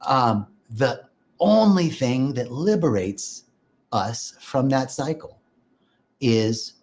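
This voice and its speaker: A middle-aged man teaching on a live stream, greeting viewers by name and speaking in a gentle, sing-song way. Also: mid-range voice, animated, slow pace. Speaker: livestream host and spiritual teacher.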